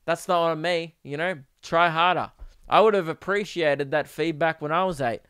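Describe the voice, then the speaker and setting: A man's voice: on the high side, moderate pace, clean tone, dry recording, clean studio sound. Crude rambling podcast man. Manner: rambling, crude and deadpan with many fillers. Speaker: podcast host. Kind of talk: casual comedic monologue.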